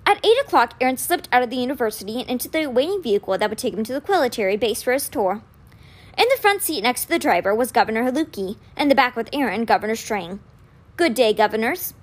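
A woman reading a children's novel aloud with expressive storytelling. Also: on the high side, fast talker. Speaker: reader.

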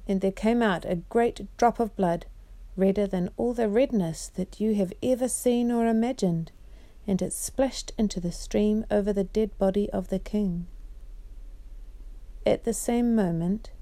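A woman reading a storybook chapter aloud at bedtime in a gentle, measured way. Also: mid-range voice.

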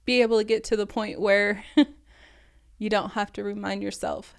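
A woman's voice: mid-range voice, steady tone, normal speed, creaky. A woman in her thirties, a podcast co-host, sharing a painful personal story in a tearful, scattered way, often laughing through the tears. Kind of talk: emotional personal testimony.

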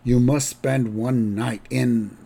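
Guy playing sleazy cartoon lawyer, pitched up and chipper, trying to sell you something. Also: steady tone, slow pace, creaky, mellow, breathy edge, exaggerated voice. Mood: salesy. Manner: salesy, upbeat.

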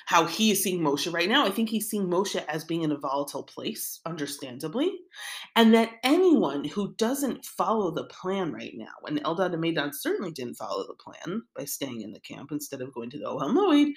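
A female Torah teacher gives a casual spoken Bible lesson, talking the scripture through in a relaxed, conversational manner. Her voice is fairly low, though her pitch swings up and down a lot. She thinks aloud as she goes, frequently tossing in "right?"

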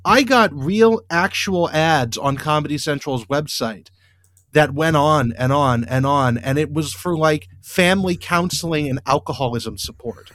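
A man's voice: on the high side, a little slow, fairly bright tone, no echo. Dry-sounding man rambling through a podcast recap. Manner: rambling, many fillers and restarts, wry. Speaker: podcast host.

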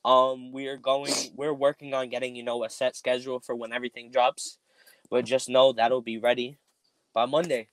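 A man's voice: medium pitch, flat delivery, moderate pace, a bit bright, no room sound. A man hosting a casual podcast, rambling with lots of ums while making announcements. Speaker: podcast host.

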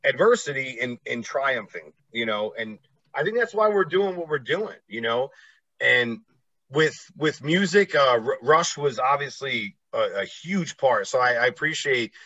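A man's voice: mid-range voice, animated, moderate pace, sharp tone, no room sound, lo-fi sound. A middle-aged man hosting a casual chat, rambling and laughing easily. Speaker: podcast host.

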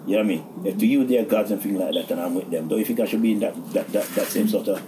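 A man's voice: fairly low pitch, racing. A man speaking emphatically in a casual discussion, sometimes mimicking others. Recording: clear background noise.

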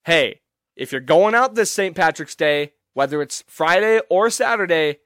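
A man's voice: a little high, expressive, normal speed, fairly bright tone, no echo, studio quality. A young man hosting a casual solo podcast, talking emphatically and rambling, with plenty of swearing and restarts. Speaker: podcast host.

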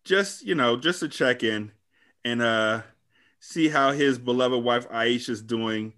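A man's voice: medium pitch, slow pace, a bit bright. A man on a podcast casually recapping a bad movie, rambling, cursing and joking. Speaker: podcast host.

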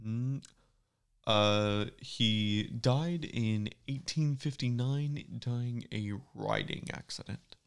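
A man casually telling a history story on a podcast, slow and halting with lots of fillers. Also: medium pitch, big pitch swings, clear, resonant tone. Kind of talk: casual chat.

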